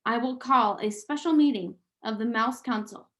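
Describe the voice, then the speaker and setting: A woman voicing a pompous, anxious father mouse who declaims loudly and melodramatically in a storybook reading. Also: fairly high pitch, moderate pace, close to an everyday voice. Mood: stern.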